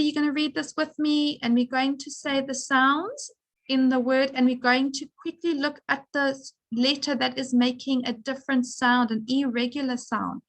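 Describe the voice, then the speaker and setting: A woman teacher giving a phonics lesson to young children, sounding out letters and words with slow, careful emphasis. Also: on the high side, a bit bright, rough recording.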